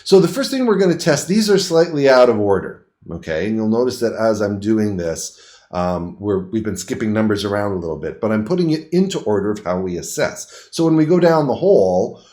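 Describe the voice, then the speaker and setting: A middle-aged man teaching a paramedic exam, his pitch rising and falling a lot as he explains each step. He speaks in plain, everyday words. He stops now and then to show the moves himself. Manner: lively, plain-spoken teaching with quick demonstrations. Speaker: paramedic instructor. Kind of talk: demonstrating a clinical exam on camera.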